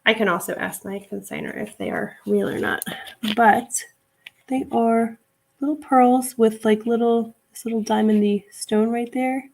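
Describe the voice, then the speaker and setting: A woman's voice: a little high, steady tone, measured pace, gravelly. A woman hosting a casual reselling live stream, chatting with viewers while she lists jewelry and gushing over the pieces she likes. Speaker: reseller livestream host.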